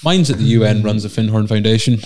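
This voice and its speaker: A man co-hosting a podcast, joking in quick, casual banter. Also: on the low side, darkish tone. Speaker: podcast co-host. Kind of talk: casual chat.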